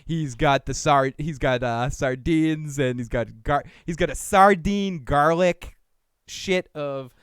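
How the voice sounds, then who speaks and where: A man's voice: fairly high pitch, takes it slowly, smooth, no echo, clean studio sound. A man hosting a casual show recap, laughing often and reading viewer comments aloud. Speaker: podcast host.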